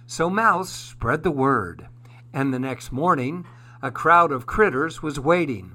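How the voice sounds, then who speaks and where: Slow, bright-voiced male storyteller. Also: medium pitch, animated. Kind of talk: children's story narration.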